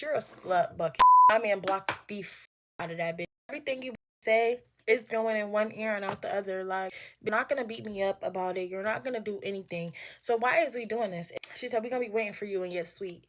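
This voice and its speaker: Young woman, twenties, storytime vlogger, cussing a lot, animated, mid-pitched. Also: slight background noise. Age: 20s. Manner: profane, animated, acting out quotes. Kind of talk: casual storytime.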